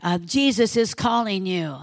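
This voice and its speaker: Woman preacher voicing a coaxing crowd, slow, dry sound. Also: mid-range voice, expressive, no room sound, natural voice. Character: roadside crowd, urging and coaxing.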